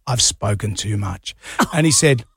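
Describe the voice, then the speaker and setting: A man's voice: on the low side, animated, unhurried, gravelly, a bit bright, husky, dry recording, studio quality. A middle-aged Australian man co-hosting a radio show, telling rambling anecdotes and laughing easily. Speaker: radio co-host. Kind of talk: casual on-air banter. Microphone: studio mic.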